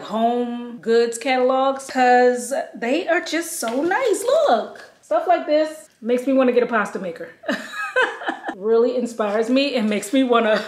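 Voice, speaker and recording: A woman vlogger, chatting casually and cheerfully to viewers from a room at home, laughing often. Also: a little high. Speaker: lifestyle vlogger. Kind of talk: casual home vlog chat.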